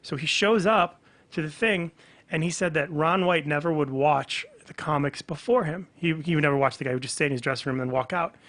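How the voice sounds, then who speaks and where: A comedian guest on a podcast, chatting casually and telling a story with lively acted-out dialogue. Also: male voice, on the high side, fairly quick. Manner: animated storyteller, acts out quoted dialogue.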